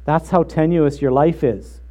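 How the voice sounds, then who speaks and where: Earnest preaching man, mellow voice. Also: a little high. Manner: earnest, measured preaching with slow emphatic phrases. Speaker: pastor. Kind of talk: sermon.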